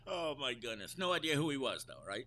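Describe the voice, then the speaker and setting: Bright-voiced, chatty male host. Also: mid-range voice, sing-song, a little fast, low-quality recording. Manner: chatty and friendly, with teasing asides. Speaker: show host. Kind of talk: casual live interview.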